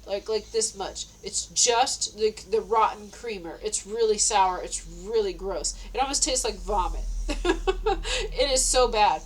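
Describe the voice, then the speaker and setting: A woman's voice: medium pitch, measured pace, a little hiss or hum, rough recording. A tired woman telling a story in a casual monologue, laughing often and repeating herself.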